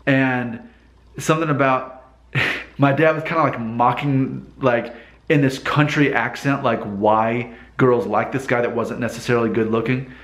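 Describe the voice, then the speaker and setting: A man's voice: medium pitch, steady tone, measured pace, fairly bright tone. A man giving unscripted advice to the camera, talking earnestly in a rambling way and often restarting his sentences. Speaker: vlogger giving dating advice. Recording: roomy echoey room.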